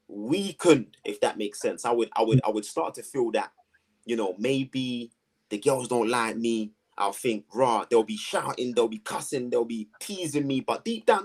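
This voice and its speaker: Animated, husky-voiced man. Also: medium pitch, moderate pace. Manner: animated, slangy storytelling with acted-out quotes. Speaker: guest. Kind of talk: storytelling in a conversation.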